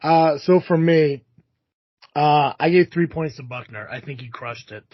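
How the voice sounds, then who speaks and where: A man hosting a podcast in loose, casual chat, his voice husky and dry. The sound is lo-fi and close. He fills pauses with "uh" as he goes. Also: a little high, no echo. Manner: relaxed, uses many fillers. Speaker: podcast host.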